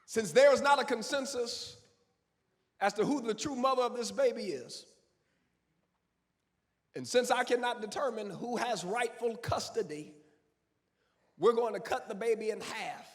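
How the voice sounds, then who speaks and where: A man voicing a wise king who gives measured, authoritative pronouncements in a sermon. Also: very high voice. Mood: stern. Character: wise commanding king judging a dispute. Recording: long church reverb.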